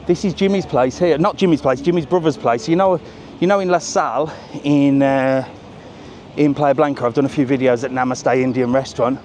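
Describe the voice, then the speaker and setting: A man's voice: fairly high pitch, a little mellow. A British man walking along a busy seafront strip at night, filming a live travel vlog on a small handheld camera, chatting and cracking cheeky jokes with light swearing. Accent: British English. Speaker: travel vlogger. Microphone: small camera carried while walking. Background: street music.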